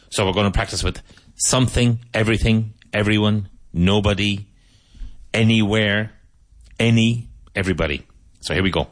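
Low-voiced male teacher, slow repetitive vocabulary drills. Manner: slow, repetitive, each word said twice. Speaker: English teacher. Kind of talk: language lesson with drills.

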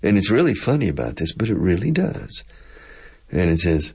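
Texan guy teaching english on the radio, really low husky voice, chatty and laughs a lot. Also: sing-song, normal speed, darkish tone. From Texas. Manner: chatty, laughing, switches to Spanish to explain words. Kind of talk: bilingual English lesson for Spanish speakers.

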